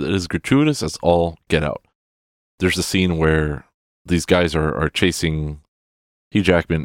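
Man with a very deep voice, dry close recording, giving an exasperated profane film rant. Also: no echo. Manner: sarcastic, exasperated, swears a lot.

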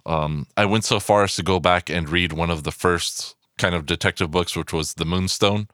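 A man in his thirties hosting a podcast, talking in an excitable, rambling way, swearing a lot and going off on asides. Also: low voice, normal speed, hardly any pauses, no echo, studio quality. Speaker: podcast host. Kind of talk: casual podcast monologue. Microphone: podcast microphone.

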